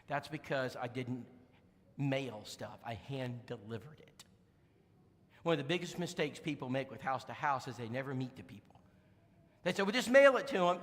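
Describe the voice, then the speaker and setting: A man preaching, telling folksy stories in an animated, emphatic way to a congregation in a church. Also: mid-range voice, long reverb tail. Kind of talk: sermon storytelling. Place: church sanctuary.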